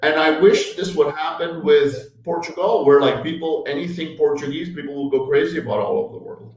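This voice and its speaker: A rambling, hesitant man from North America chats casually, his voice a little high for a man. He sits back from the mic in an echoey room, so he sounds distant and roomy. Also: brisk. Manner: rambling, hesitant, many fillers and restarts. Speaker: regular of an expat chat show. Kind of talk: casual chat.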